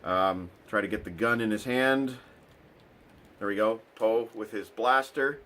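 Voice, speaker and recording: A man's voice: fairly low pitch, measured pace, sharp tone, slight background noise. Dry, sarcastic man unboxing toys. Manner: dry, sarcastic, lots of ums and uhs. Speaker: toy unboxing host. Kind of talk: casual unboxing chat.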